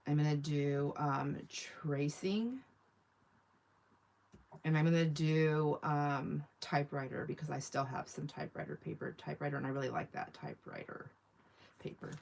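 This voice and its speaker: A woman's voice: deep voice, fairly even intonation, moderate pace, creaky, a little mellow. A woman hosting a live online sale, chatting casually and rambling as she reads viewer comments aloud. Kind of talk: casual live-stream sales chat.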